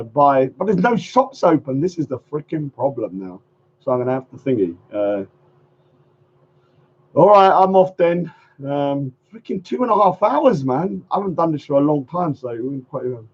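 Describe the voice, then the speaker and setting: Man, livestream host, casual rambling chat, high voice, muffled lo-fi audio. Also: darkish tone. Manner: rambling, repeats phrases, chuckles often.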